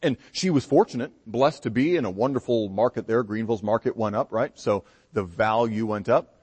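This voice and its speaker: A man preaching a sermon in a conversational, explaining way, often checking in with a quick "right?". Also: on the low side, a little mellow, slightly rough.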